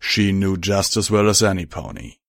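A man voicing a quiet, loyal grey male earth pony. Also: low-pitched, big pitch swings, normal speed, vocal fry, dry recording, clean studio sound, heavily acted. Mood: gentle. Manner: quiet, reassuring.

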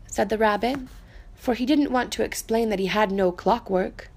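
A woman reading a children's storybook aloud in a gentle, soft, unhurried way. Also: mid-range voice, gravelly.

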